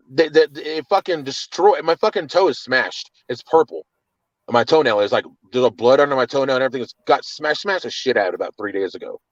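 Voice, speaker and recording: A man's voice: fairly high pitch, no room sound, highs cut off. Agitated cursing man telling a story. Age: adult with children. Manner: agitated, swearing, repeating words. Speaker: man telling of his arrest. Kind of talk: casual storytelling.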